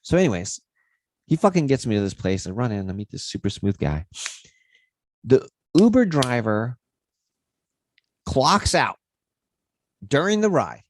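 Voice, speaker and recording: A man's voice: medium pitch, very animated, a little slow, long pauses, no room sound. A man hosting a fitness livestream, telling a rambling story in a casual way and swearing freely.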